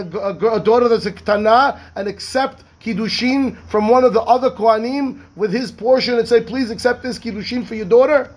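A man, a rabbi teaching a Talmud class, reading text quickly and explaining it in rhetorical questions. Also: very high-pitched. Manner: animated, reads Hebrew text fast then explains in English; asks rhetorical questions, acts out the rabbis' voices.

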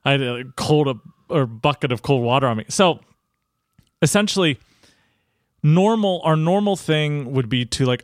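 A man in his thirties, a coach and podcast guest, telling stories in a casual, animated way, swearing freely and acting out what people said. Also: fairly high pitch, normal speed, no echo, clean studio sound. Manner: animated, swears freely, acts out quoted dialogue. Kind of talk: casual storytelling interview.

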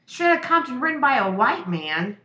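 A woman's voice: sits high, big pitch swings, fairly quick, pushed and bright, highs cut off. Blunt, profane woman in an echoey room. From Mexico. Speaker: podcast co-host. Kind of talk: casual chat.

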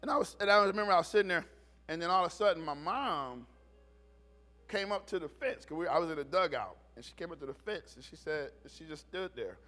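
A middle-aged male pastor delivers a sermon in a fairly high-pitched voice at a quick pace. He tells stories with animation, acting out the voices of the people in them.

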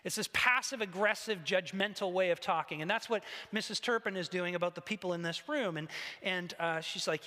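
A man preaching a sermon, retelling a story with animated, conversational asides. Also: sits high, fairly quick. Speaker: pastor. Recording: long hall reverb.

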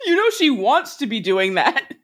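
Bubbly high-voiced woman co-host. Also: big pitch swings, normal speed. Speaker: podcast co-host. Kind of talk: casual chat.

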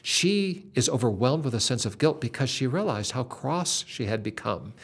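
An older man telling a faith story in an earnest, dramatic way, with lively shifts in emphasis. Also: medium pitch, normal speed, slightly rough.

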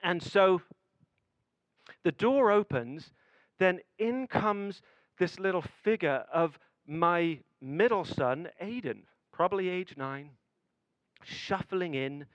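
A man's voice: high-pitched, lively intonation, slow, no room sound, dull audio. A man preaching a sermon, telling a family story with building suspense and acted-out dialogue.

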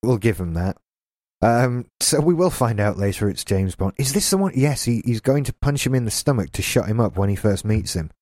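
A man's voice: fairly low pitch, animated, brisk, a little mellow, no room sound. Jokey man, dry close sound. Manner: jokey, rambling riffs. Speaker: podcast co-host. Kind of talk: casual chat.

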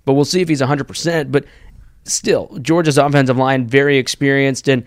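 A young man with a smooth, clear voice lays out his football analysis at an even, steady pace. He builds long, run-on points as he thinks aloud. The recording is dry and close. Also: mid-range voice, fairly quick, no echo. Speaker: student sports podcast co-host. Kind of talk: sports analysis chat.

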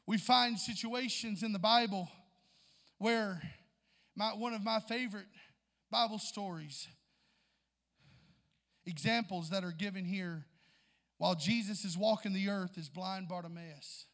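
A man preaching a sermon in an impassioned way, building toward near-shouts and calling out to the congregation. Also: high-pitched, a little slow, pauses often, big-room sound.

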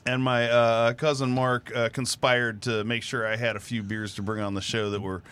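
A man co-hosting a drinks podcast, telling a story in a halting way with many uhs and restarts. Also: medium pitch, flat delivery, fairly bright tone, a little hiss or hum. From Michigan family roots, United States. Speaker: podcast co-host. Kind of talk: casual chat.

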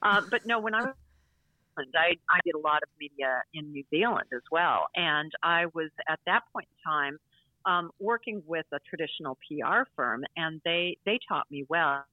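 A woman from Wisconsin, USA, with an American Midwestern accent is a guest on a casual podcast interview, her deep voice animated at a normal speed. She's chatty and self-deprecating, restarting often, and the audio has no room sound but comes through a tinny, phone-like line.

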